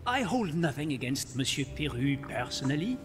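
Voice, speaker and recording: A man's voice: fairly high pitch, big pitch swings, normal speed. An actor playing a pompous, brusque male emperor giving orders in a story game. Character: blustering male emperor impression. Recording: game audio with music underneath.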